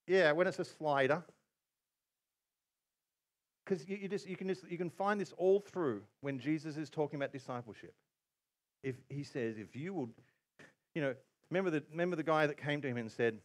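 Animated male preacher with a lively voice. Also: on the high side, moderate pace, pauses often. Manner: animated preaching with acted-out quotes. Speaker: pastor. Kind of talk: sermon.

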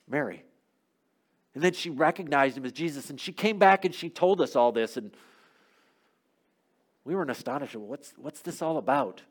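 A man preaching a sermon as a first-person dramatic monologue, telling the story and swinging from loud to hushed. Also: medium pitch.

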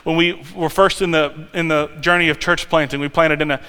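High, bright-voiced preacher man in a hall. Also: a little fast, smooth. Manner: animated, conversational preaching with restarts and sudden loud peaks. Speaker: pastor. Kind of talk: sermon. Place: church sanctuary. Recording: long hall reverb.

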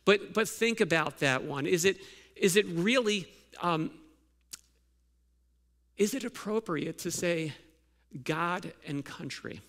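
Gravelly high-voiced pastor preaching. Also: male voice, takes it slowly, long pauses, fairly bright tone. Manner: conversational, asks many questions with fillers and restarts. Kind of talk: sermon.

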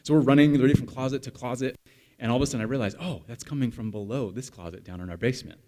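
A man's voice: medium pitch, rapid-fire, warm tone. A man in his thirties, a pastor, giving a conversational sermon and telling a story while chatting with the congregation.

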